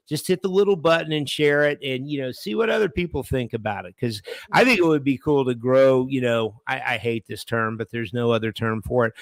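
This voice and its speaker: Rambling male podcast co-host, smooth voice. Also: medium pitch, dry recording. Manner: rambling, repeats and restarts, says "man". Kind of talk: casual comedy podcast chat.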